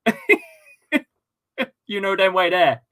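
A man hosting a live football watchalong, talking excitedly, laughing often and shouting during goals. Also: high voice, slow pace. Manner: excitable, laughing, loud celebrations. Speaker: fan channel host.

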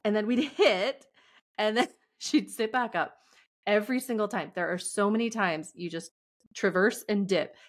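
A woman co-hosting a podcast, talking in expressive casual chat with frequent exclamations. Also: medium pitch, moderate pace. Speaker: podcast co-host.

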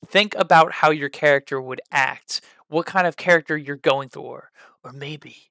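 A man's voice: fairly high pitch, measured pace, bright, forceful tone, dry recording, clean studio sound. A man giving casual advice on building role-play characters, rambling with frequent "uh" fillers and trying out voices as he explains. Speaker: tabletop role-play tutorial host.

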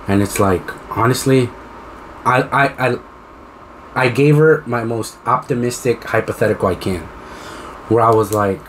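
A man co-hosting a casual podcast, telling stories in a profane, animated way. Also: medium pitch, normal speed, long pauses, slight background noise. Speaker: podcast co-host.

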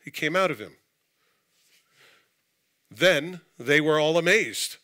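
A pastor giving a conversational sermon in a church, mixing scripture reading with casual asides and jokes. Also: male voice, on the high side, expressive, slow, pushed and bright. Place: church sanctuary.

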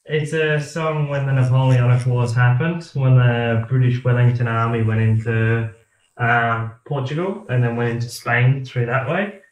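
A man in casual chat rambles on and swears freely, his voice at an ordinary pitch for a man. He sounds roomy and echoey, recorded in a tattoo parlor. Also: steady tone, a little slow, lo-fi sound. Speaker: navy veteran. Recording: roomy echo.

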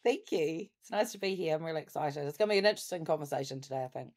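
Low-voiced New Zealand woman. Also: lively intonation, racing, a little mellow. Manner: chatty, laughs easily, rambling with fillers. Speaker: podcast guest. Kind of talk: casual interview chat.

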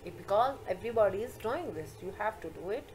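A mid-pitched woman teaches a recorded English grammar lesson. She explains patiently and repeats key points, filling pauses with "uh". A faint hiss sits behind her voice. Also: expressive, rough recording. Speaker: school teacher.

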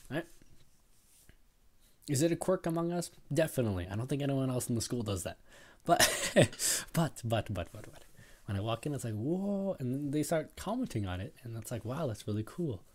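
Young male podcaster, lowish voice, rambling and self-deprecating, casual solo storytelling. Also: darkish tone. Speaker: podcast host.

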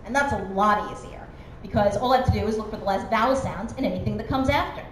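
Quick, chatty woman in an echoey hall. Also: mid-range voice. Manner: quick, chatty and self-deprecating, with many fillers. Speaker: conference speaker. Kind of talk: conference talk. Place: conference hall. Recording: echoey hall with background noise.

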